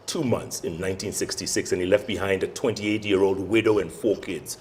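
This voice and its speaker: A man in his fifties speaks with a deep, resonant voice, telling his story with animated energy and putting on the voices of the people in it. A faint hum sits under the recording. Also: a little fast. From Kenya. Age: 50s. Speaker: guest anchor and radio host. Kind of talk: casual storytelling interview.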